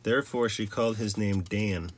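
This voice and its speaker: A man reading scripture aloud in a low voice. He keeps a measured, steady pace and now and then stumbles and restarts a phrase. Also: a little hiss or hum. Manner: measured, with occasional slips and restarts. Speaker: scripture reader.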